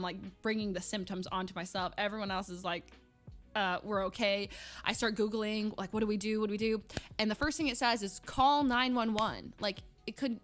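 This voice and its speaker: A young woman streaming, telling a story to her chat in a casual, animated way, giggling and acting out sounds and voices. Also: a little high.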